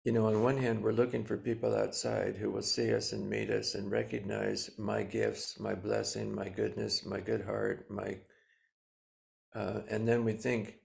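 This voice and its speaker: Gravelly older man giving a slow dharma talk. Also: lowish voice, little pitch movement. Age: 70s. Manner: slow, gentle, pausing with many fillers. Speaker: Zen teacher.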